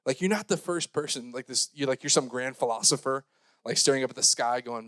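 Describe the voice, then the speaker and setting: A young man giving a youth sermon, joking and talking casually, switching between loud scripture reading and quiet mumbled asides. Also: medium pitch, fairly quick, dry recording. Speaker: youth pastor.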